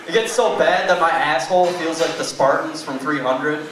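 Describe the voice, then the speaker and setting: A man's voice: on the high side, moderate pace, few pauses. A young man doing a stand-up comedy set in a small club, with a loose, rambling delivery full of fillers. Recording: echoey club room, mic far off, faint noise.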